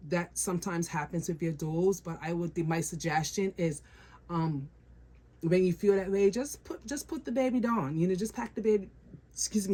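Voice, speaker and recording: A woman's voice: mid-range voice, warm tone. A woman vlogger talking casually to her viewers about her doll collection, repeating phrases for emphasis and calling them guys.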